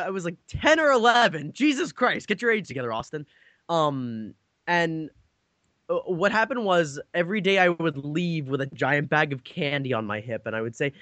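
A man's voice: sits high, a bit bright, no echo. A young man in casual chat, telling rambling stories with lots of swearing and laughter.

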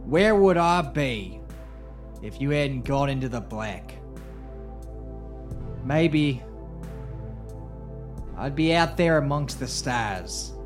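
Man doing a sad grumbly spaceship captain, slow and kinda high, music under it. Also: expressive. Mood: mournful. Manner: slow, mournful, muttering grumbles. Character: brooding male ship captain, haunted by lost love. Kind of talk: audio drama acting. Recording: music score playing underneath.

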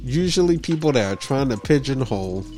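A man's voice: mid-range voice, animated, fairly quick, over a noisy crowd. A man co-hosting a podcast, insistently pushing back in casual banter. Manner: insistent, defensive. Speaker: podcast co-host.

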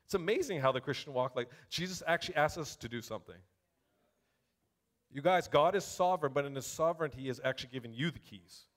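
High-voiced animated male preacher. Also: fast. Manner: animated, conversational, addresses congregation directly; reads scripture aloud with rising emphasis. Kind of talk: sermon.

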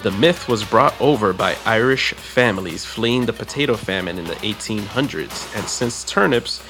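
A man's voice: on the low side, expressive, normal speed, fairly bright tone. A man co-hosting a casual podcast, reading fun facts aloud and correcting his own small slips. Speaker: podcast co-host. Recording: music playing in the background.

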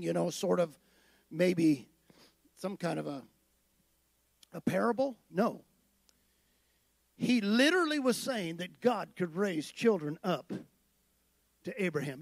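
High, gravelly-voiced male preacher. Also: animated, measured pace, long pauses, no room sound. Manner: conversational preaching, rising to emphatic declarations. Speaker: pastor. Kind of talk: sermon.

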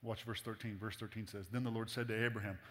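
A man's voice: lowish voice, little pitch movement, fast talker. A man preaching a sermon in a casual, humorous, conversational way to a congregation in a church. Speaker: pastor. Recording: long hall reverb.

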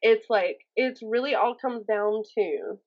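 A woman from Mississippi with a Southern accent, a YouTuber chatting as a guest on a podcast, animated and self-mocking, acting out the voices she quotes. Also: on the high side, unhurried, lo-fi sound. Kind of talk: casual podcast chat.

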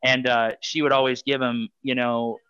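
Bright-voiced rambling male podcast guest. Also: medium pitch, flat delivery, normal speed, clean tone, dry recording, muffled recording. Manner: rambling, filler-heavy storytelling. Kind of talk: casual podcast chat.

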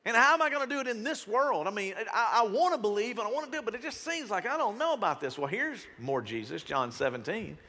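A pastor preaching a sermon in a church auditorium, talking casually and animatedly and slipping into other voices. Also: male voice, high voice, animated, fast talker, few pauses, bright, forceful tone, in a large hall.

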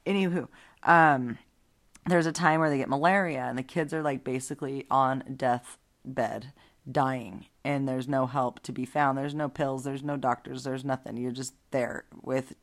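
A woman's voice: a bass voice, steady tone, unhurried. A woman hosting a casual Bible storytelling podcast, chatty and digressive, with frequent asides. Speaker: podcast host.

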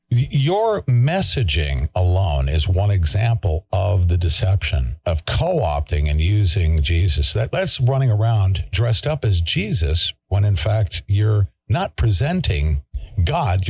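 A deep-voiced male host in the middle of a fired-up monologue. His pitch swings widely as he hammers points home, repeats himself and throws in mild swears. The sound is dry and close-miked. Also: darkish tone, slightly rough, dry recording. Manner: emphatic, preachy, repeats himself and swears mildly. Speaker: show host. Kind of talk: heated talk-show commentary.

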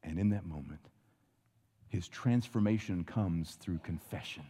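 A man preaching a sermon, dramatic, often dropping to a hushed low voice for emphasis. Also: measured pace, breathy edge, long reverb tail. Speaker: pastor.

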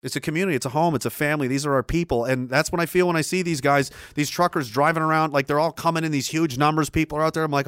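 A man's voice: fairly high pitch, brisk, a bit bright, clear, resonant tone, no room sound, studio quality. A man from Canada hosting a livestream, reading chat messages aloud in a profane, rambling and emphatic way. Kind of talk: casual livestream rant.

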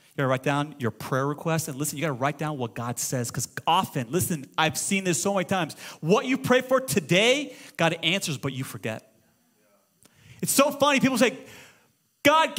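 A middle-aged man preaching a sermon as pastor, moving between loud exclamations and hushed storytelling. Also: fairly high pitch. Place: church auditorium.

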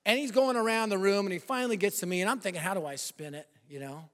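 A man in his fifties preaching a sermon and telling a personal story, animated, swinging between loud bursts and hushed confessional lines. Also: high-pitched, fast talker. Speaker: pastor. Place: large church hall. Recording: long hall reverb.

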